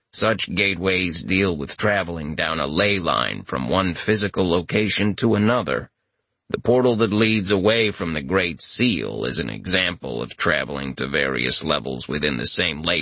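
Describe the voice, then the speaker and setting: A man doing a deadpan floating spirit servant. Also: deep voice, creaky, no room sound, voice pushed down, heavily acted. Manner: deadpan, measured, formal. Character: deadpan floating magical servant, formal and lordly-polite.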